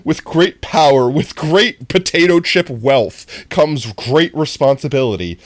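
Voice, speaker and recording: Goofy, lively-pitched streamer chatting to chat. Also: unhurried, few pauses, dry recording, clean studio sound. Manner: goofy, rambling, often breaking into high laughter; talks directly to chat. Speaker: live streamer. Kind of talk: casual gameplay stream chat.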